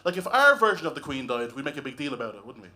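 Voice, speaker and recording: A man's voice: medium pitch, big pitch swings, very fast, sharp tone. An Irish man doing a stand-up comedy set on a club stage, talking in a wry, conversational way with lots of tag questions. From Ireland.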